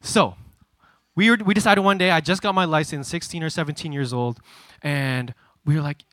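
A man in his twenties preaching, who tells a story with lively energy. His voice is bright and a little high, and the recording is dry. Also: normal speed, smooth, dry recording. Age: 20s. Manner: animated, chatty storyteller. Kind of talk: sermon storytelling.

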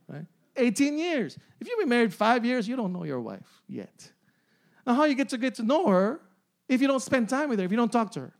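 A man in his forties preaching to a congregation in a fairly high voice. He repeats key phrases, keeps checking in with "amen?" and "right?", and laughs easily as he goes. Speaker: pastor. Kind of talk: sermon.

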